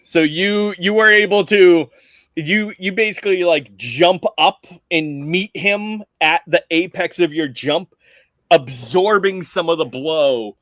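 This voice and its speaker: A man runs a tabletop game over a video call. He narrates casually and descriptively in a fairly high voice. The sound is dry and close, with little room echo. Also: takes it slowly, fairly bright tone. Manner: casual, laughs often, descriptive. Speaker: game master.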